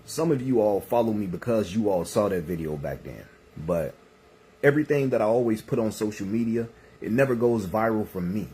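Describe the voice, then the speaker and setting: Guy talking to his followers, low husky voice, kinda braggy. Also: dark tone. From Chicago. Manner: boastful, swaggering. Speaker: vlogger. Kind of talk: casual address to viewers.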